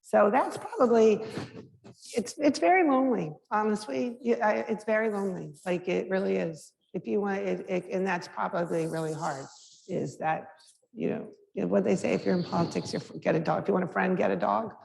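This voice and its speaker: Gravelly middle-aged woman, candid and frank. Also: medium pitch, brisk, darkish tone. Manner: frank, conversational, many restarts and fillers. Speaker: mayor, guest speaker. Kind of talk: candid Q&A answers at a public talk. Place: lecture hall. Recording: reverberant hall with faint background noise.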